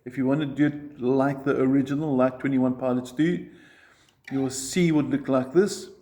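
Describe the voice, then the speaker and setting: A man's voice: mid-range voice, steady tone, moderate pace, dark tone. A man teaching a ukulele lesson, explaining chord shapes step by step and counting strums aloud. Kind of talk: music lesson.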